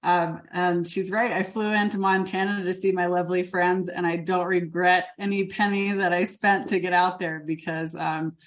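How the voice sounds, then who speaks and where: A woman speaks as a guest in a casual podcast chat. Her voice is on the low side, and she talks in a relaxed, easygoing way. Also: normal speed, few pauses.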